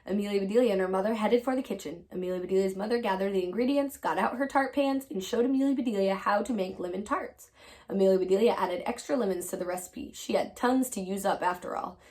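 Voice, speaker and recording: A woman teacher reading a children's chapter book aloud with expressive storybook narration. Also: medium pitch, quick pace.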